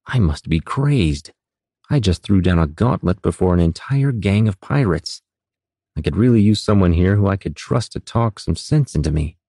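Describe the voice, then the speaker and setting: A man voicing a bookish young wizard who speaks in stiff, old-fashioned, formal phrases. His low voice carries a proud, measured tone and sounds dry and close, in a fantasy storybook reading. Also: animated, warm tone, breathy edge, no room sound, full character voice. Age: young adult.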